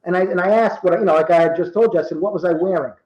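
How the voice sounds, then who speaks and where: High-voiced man from Rhode Island telling stories. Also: very fast, roomy sound, dull audio. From Rhode Island, USA. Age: 50s. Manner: animated storyteller acting out quoted dialogue. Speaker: guest. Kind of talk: casual storytelling.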